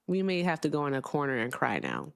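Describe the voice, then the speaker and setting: A woman's voice: low voice, wildly swooping pitch, fast, vocal fry, dry recording, clean studio sound. A woman hosting a live call-in debate show, blunt and sarcastic, now and then swearing. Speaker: host.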